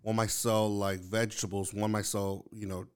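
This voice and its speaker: A man's voice: on the low side, little pitch movement, moderate pace, clear, resonant tone. A man from New York chatting casually, rambling and searching for his words with lots of fillers. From New York, Lower East Side Manhattan. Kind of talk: casual chat.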